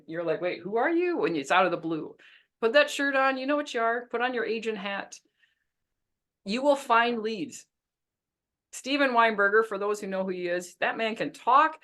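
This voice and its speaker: A woman business coach teaching a webinar in a lively, chatty way, laughing often. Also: a little high.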